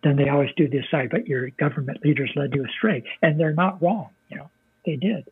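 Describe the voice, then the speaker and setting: An older American veteran recounts events in a plainspoken, vivid way, swearing freely. His voice sits a little high for a man, with deep gravel and a raspy, husky edge. The sound is dry and narrow, like a phone line. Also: a little fast, dry recording. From United States. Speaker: guest, military veteran. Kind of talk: casual interview storytelling.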